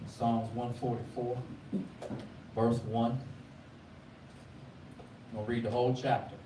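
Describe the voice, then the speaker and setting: A man's voice: level tone, slow pace. Preacher man, echoey hall, far-off mic. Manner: call-and-response preaching, swings from loud to low. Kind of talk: sermon. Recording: echoey room, from far off, faint noise.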